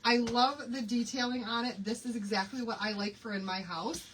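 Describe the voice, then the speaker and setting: A woman's voice: a little high, steady tone, moderate pace, fairly bright tone, slight background noise, rough recording. A woman in her sixties hosting a live craft stream, chatty and bubbly, laughing often and greeting viewers by name. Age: 60s. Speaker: craft livestream host.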